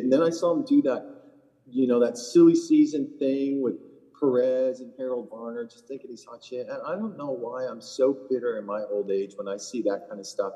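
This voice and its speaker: A man's voice: mid-range voice, fairly even intonation, normal speed, warm tone, in a large hall, rough recording. A middle-aged man, a caddie co-hosting a podcast, telling stories in blunt, profane casual chat. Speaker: PGA Tour caddie, podcast co-host.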